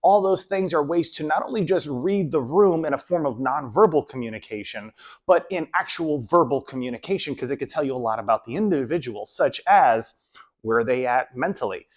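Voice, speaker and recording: A man's voice: a little high, expressive, brisk. A young man casually talking to camera with rambling advice, often trailing off with "so on and so forth". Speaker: video host.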